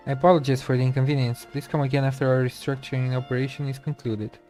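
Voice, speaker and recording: Stern male custodian, read by an unwell man, formal, clipped, mid pitch, faint game music behind. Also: steady tone, quick pace, darkish tone, natural voice. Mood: curt.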